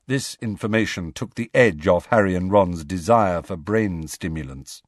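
A man reading a novel aloud as an audiobook narrator, with expressive storytelling. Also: sits low, moderate pace, hardly any pauses, no echo, clean studio sound. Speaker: audiobook reader. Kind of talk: scripted narration.

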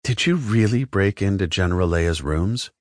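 A man's voice: deep voice, animated, moderate pace, no room sound, studio quality. A man voicing a tough, guarded young female soldier who speaks tersely, in an audiobook.

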